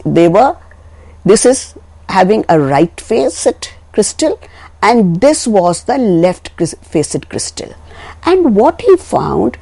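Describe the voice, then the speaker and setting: A woman giving a recorded chemistry lecture, explaining step by step in a deliberate way and correcting herself as she goes. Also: medium pitch, mellow, no echo.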